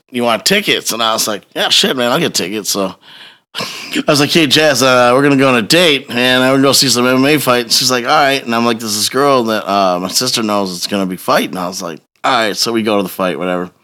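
A man with a bright, forceful voice tells a story in casual chat. His pitch swings widely as he acts out the scenes. He swears freely and laughs along the way. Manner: animated, profane storytelling with laughter.

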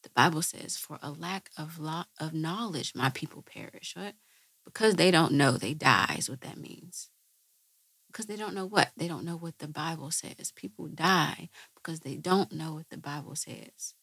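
Woman w/ a low gravelly husky voice, preachy q&a, keeps asking right?, dry close sound. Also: expressive, moderate pace, a bit bright, no echo. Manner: earnest, preachy, rhetorical questions with repeated "right?". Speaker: host. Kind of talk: religious teaching, answering viewer questions.

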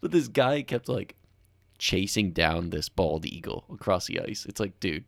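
A man with a deep voice tells stories on a podcast, full of energy. He acts out the shouting of the people he quotes. The sound is close and dry, with no room echo. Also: expressive, unhurried, creaky. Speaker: podcast co-host. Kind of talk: casual chat.

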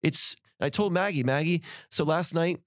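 A middle-aged man hosts a podcast and talks in an animated, storytelling way, acting out the heated lines he quotes. His voice sits a little high for a man, and the recording is close and dry. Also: normal speed, dry recording. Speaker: podcast host. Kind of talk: casual podcast conversation.

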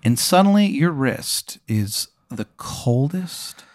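A man's voice: mid-range voice, big pitch swings, takes it slowly, darkish tone, dry recording, studio quality. A man spinning an improvised comic hypothetical, rambling and profane, full of fillers. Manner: rambling, profane, lots of fillers and silly voices. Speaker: podcast host posing a hypothetical. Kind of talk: improvised comedic storytelling.

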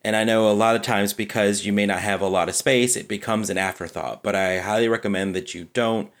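A man with a very low, deep voice talks through book layout in a relaxed podcast chat. He is easygoing and drops in frequent "you know"s as he explains. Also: a little fast. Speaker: podcast co-host, book designer.

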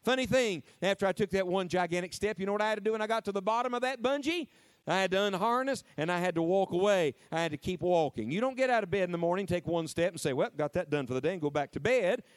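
A middle-aged man preaching a lively sermon to a camp audience, leading call-and-response and stretching out key words for emphasis. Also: sits high, fast, smooth, no room sound, clean studio sound.

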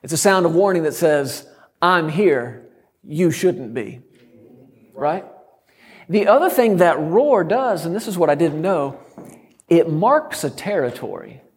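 A man's voice: a little high, sing-song, moderate pace, a little mellow, slightly rough. A middle-aged man preaching a sermon as a guest speaker, bold and emphatic with touches of humor.

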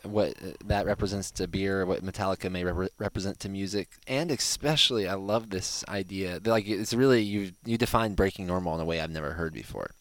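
A man's voice: sits low, brisk, hardly any pauses. A man hosting a podcast interview, talking enthusiastically and leaning on fillers like "like.". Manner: enthusiastic, filler-heavy with lots of "like". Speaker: podcast host. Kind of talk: casual interview chat. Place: home in Hawaii.

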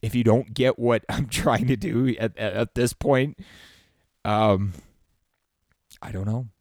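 A man's voice: medium pitch, fairly even intonation, a little slow, a little mellow, no echo, clean studio sound. A man delivering an emotional, pleading political rant full of swearing. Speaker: political commentator.

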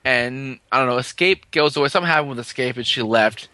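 A man recapping a TV episode in casual chat, rambling with many fillers and quick acted-out quotes. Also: mid-range voice, sharp tone, dry recording. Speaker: podcast co-host recapping an episode.

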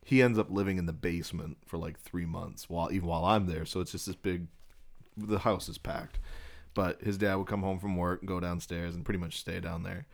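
A young man with a very deep voice co-hosts a casual podcast. He tells crude stories with animated energy, breaking into laughter along the way. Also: fairly quick, vocal fry. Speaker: podcast co-host. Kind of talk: casual chat, storytelling.

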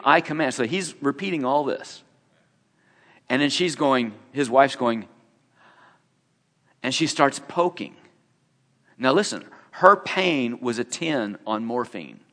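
A man's voice: mid-range voice, a bit bright. Man telling a sermon story in a reverberant hall. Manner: conversational, acts out the people in his story. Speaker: preacher sharing a testimony.

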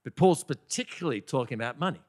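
A man preaching a sermon in a conversational, animated way, often asking the congregation questions. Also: mid-range voice, fast talker.

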